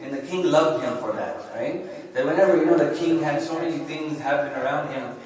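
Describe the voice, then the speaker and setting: A man's voice: on the high side, a little mellow. Man preaching in an echoey hall. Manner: conversational, often adds tag questions "right?" and "yeah?". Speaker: sheikh giving a religious lecture. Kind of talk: sermon. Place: Islamic center lecture hall. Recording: echoey hall, heard from a distance.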